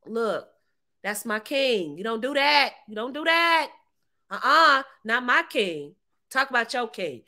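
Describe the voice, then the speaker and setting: American woman coaching, bright punchy voice, keeps repeating herself for emphasis. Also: on the high side. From United States. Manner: emphatic, repeats phrases, laughs often; plays out short quoted voices. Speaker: relationship coach. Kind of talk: animated motivational talk.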